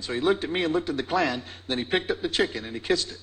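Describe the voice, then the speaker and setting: A man's voice: fairly high pitch, lively intonation, fast, heavy background noise. A man telling a story in an interview, folksy and self-mocking.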